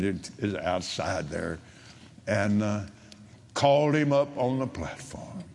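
An older man preaching, telling a story in a halting way with repeated words, then rising to loud, emphatic preaching. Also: fairly low pitch, creaky, slight background noise. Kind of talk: sermon storytelling.

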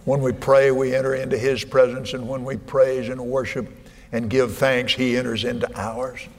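Folksy preacher in a reverberant hall. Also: male voice, mid-range voice, little pitch movement, normal speed. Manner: folksy, swings from soft murmurs to shouted exhortation. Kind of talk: sermon. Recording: hall reverb, faint ambience.

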